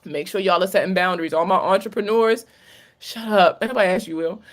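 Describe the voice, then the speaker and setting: A woman's voice: lowish voice, fairly even intonation, fairly quick. A woman from Maryland with a Maryland accent, a credit coach answering viewer questions in a casual livestream Q&A, candid and sprinkled with profanity and slang. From Maryland, USA. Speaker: credit coach hosting a live Q&A.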